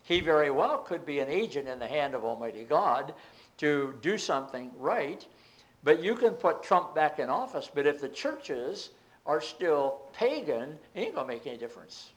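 Emphatic male preacher, fairly high voice. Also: very animated, moderate pace. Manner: reads scripture aloud, then explains it with emphatic rising outbursts. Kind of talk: sermon, Bible teaching.

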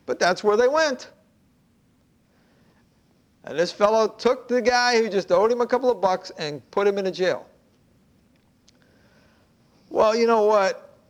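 Male pastor, high-pitched voice, casual storytelling sermon with whispered asides. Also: a little slow, pauses often, muffled recording. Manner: conversational storytelling, swings to hushed asides.

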